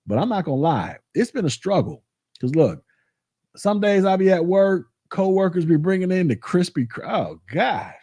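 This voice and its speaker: Male vlog host, warm and dark in tone, chatty and animated, recorded dry. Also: high voice, moderate pace, slightly rough, no echo. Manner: animated storytelling, colloquial, repeats himself. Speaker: tech channel host. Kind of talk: casual vlog chat.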